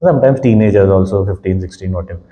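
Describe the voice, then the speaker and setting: A man's voice: low voice, fast, warm tone, big-room sound, rough recording. A man giving a spiritual discourse on scripture, speaking conversationally, repeating words for emphasis and chuckling often. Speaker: spiritual teacher.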